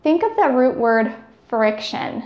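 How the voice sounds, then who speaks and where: A woman's voice: a little high, sing-song, slow pace, roomy sound, dull audio. A woman giving scripted speech therapy instruction, carefully demonstrating each sound.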